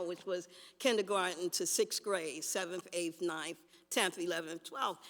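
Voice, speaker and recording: Older woman, passionate public testimony in an echoing chamber with a bright, forceful voice. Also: mid-range voice. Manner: impassioned, repeats herself. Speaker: public commenter. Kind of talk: public testimony at a council hearing. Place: council chamber. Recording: long hall reverb.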